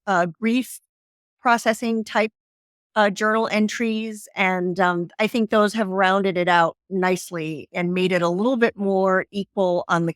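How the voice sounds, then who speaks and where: A middle-aged woman from the northern United States, talking earnestly and in measured phrases as a podcast guest and reading a page of her own book aloud. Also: mid-range voice, fairly bright tone, dry recording, studio quality. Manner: earnest, measured, pauses with fillers.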